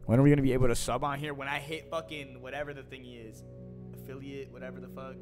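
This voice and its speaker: A young man streaming live, casually answering viewer questions in slangy, profane talk that swings between mumbled asides and loud bursts. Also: mid-range voice, level tone, fast talker, loud music behind the voice.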